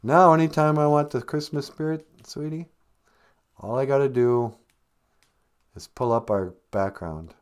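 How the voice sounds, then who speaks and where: A man's voice: medium pitch, unhurried, pauses often, clear, resonant tone. A man hosting a live-stream podcast, telling a comic story with jokey asides. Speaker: podcast host.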